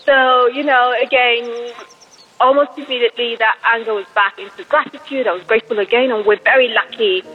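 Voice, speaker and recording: A woman's voice: on the high side, fairly even intonation, a little fast, muffled recording, soft background music. A woman, calling in and telling a story in a chatty way with many fillers. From England. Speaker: caller. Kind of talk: recorded voicemail to a podcast.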